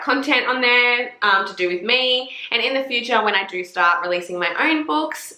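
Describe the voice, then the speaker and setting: A woman's voice: mid-range voice, bright, forceful tone. A young Australian woman with an Australian accent, chatting casually to camera as a book vlogger, blunt and playful, swearing freely. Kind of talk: casual chat. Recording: echoey room.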